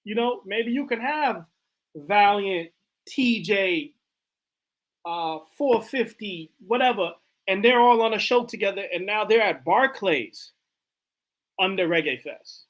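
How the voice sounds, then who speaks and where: A man's voice: high voice, animated, takes it slowly. A man hosting a casual live chat, loose and conversational, with lots of filler words. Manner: loose and conversational, many "like" and "you know" fillers. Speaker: host.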